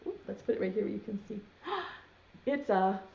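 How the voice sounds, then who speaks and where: A young woman leading preschoolers through songs, talking slowly and encouragingly in a sing-song way. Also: medium pitch, very animated, gravelly, darkish tone, lo-fi sound. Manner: slow, sing-song and encouraging, using baby signs. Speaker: preschool teacher. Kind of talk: singing and teaching preschoolers.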